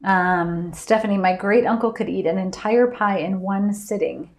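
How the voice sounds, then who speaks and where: A woman hosting a live trivia stream, chatty and quick to laugh as she reads out viewers' answers. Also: medium pitch, echoey room. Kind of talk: casual live-stream chat.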